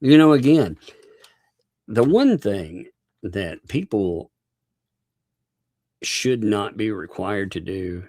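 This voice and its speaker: A man's voice: on the low side, big pitch swings, takes it slowly, long pauses, darkish tone, dry recording, clean studio sound. A man hosting a live stream, chatting casually, laughing often and thanking viewers by name.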